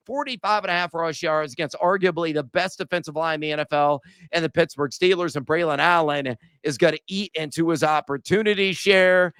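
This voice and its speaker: High-voiced, energetic man, crisp and bright. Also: no room sound. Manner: energetic, jokey, bursts into shouts. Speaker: podcast co-host. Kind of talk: sports betting podcast chat.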